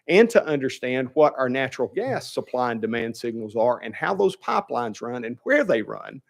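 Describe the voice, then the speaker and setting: A man, presenting a bill at a legislative hearing in an earnest, humble, halting way. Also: medium pitch, creaky. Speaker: bill sponsor, state legislator.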